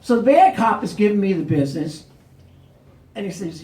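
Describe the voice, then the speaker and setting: A man's voice: high-pitched, moderate pace, pauses often, slight background noise. New man telling a story live. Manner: animated, acts out the cops' lines. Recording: roomy, distant mic.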